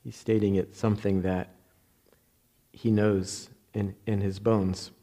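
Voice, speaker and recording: A man with a New Jersey accent gives a dharma talk in a low, dark and gravelly voice. He speaks very slowly and thoughtfully, often pausing, restarting and searching for words. His tone is soft-edged and husky throughout. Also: little pitch movement. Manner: halting, reflective, many fillers and restarts. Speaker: Zen meditation teacher.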